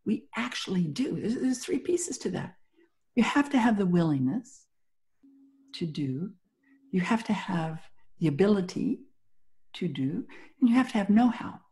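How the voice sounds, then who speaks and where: A woman's voice: mid-range voice, very animated, a little slow, long pauses, dark tone. A middle-aged woman speaking as a guest in an interview, giving motivational talk and acting out little quoted scenes as she tells stories. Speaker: guest, business founder.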